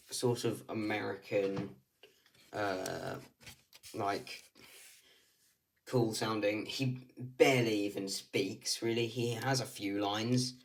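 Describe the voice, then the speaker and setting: Man, slow talker, halting and casual, faint background noise. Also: lowish voice. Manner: hesitant, loose, full of ums and likes. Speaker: stop-motion creator running a casting call. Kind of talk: casual talk to camera. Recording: voice slightly distant from the mic.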